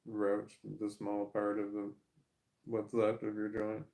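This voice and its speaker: A man's voice: on the low side, monotone, slow, mellow, rough recording. A young adult man talking casually to camera, rambling, swearing and laughing as he goes. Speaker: vlogger.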